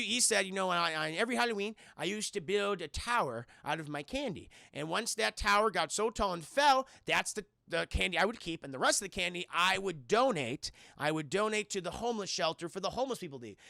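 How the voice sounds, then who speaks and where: Young male streamer recapping a film, high gravelly voice, bright edge, swearing and mimicking characters. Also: no room sound, studio quality. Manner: animated, swears a lot, mimics characters, addresses chat constantly. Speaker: film reviewer streaming to chat. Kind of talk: excited profane movie recap.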